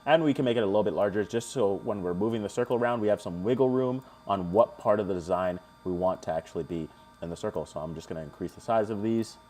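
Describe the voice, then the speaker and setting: A young man hosting a live stream, chatting casually and joking with viewers as he walks through a software tutorial. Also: fairly low pitch, quick pace, a little hiss or hum. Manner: chatty, jokey, talks to chat viewers.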